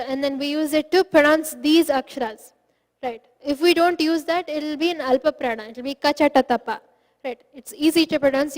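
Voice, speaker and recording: A woman's voice: high-pitched, big-room sound. A woman teaching a phonetics class, patiently explaining step by step and sounding out syllables aloud.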